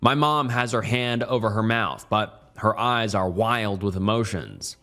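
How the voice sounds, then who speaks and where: A man narrating a horror story in the first person with measured, somber delivery. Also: lowish voice, pushed and bright, faint music behind.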